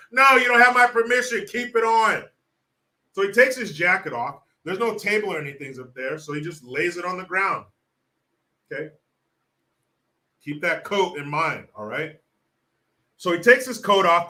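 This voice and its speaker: A man giving sarcastic political commentary in an animated, mocking way. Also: fairly high pitch. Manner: sarcastic, animated, laughs often.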